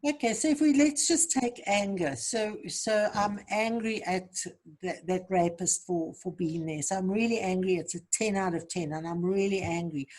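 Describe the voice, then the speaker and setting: A woman's voice: mid-range voice, normal speed, few pauses, a little mellow. A woman guest in an interview, speaking earnestly and reflectively about healing and giving advice. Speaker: guest, trauma survivor coach. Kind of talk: interview answers, personal story.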